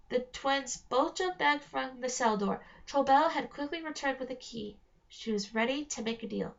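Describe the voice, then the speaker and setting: A woman reading a novel aloud in a steady storytelling manner, slowing on key phrases. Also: high-pitched, gravelly. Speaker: reader. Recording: dull lo-fi recording.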